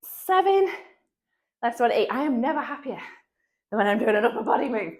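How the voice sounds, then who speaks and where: A woman's voice: a little high, fast talker, a little mellow. A woman, coaching a dumbbell workout with upbeat counting and frequent laughs, with a cold in her voice. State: has a cold, slight cough in the voice. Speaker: fitness instructor.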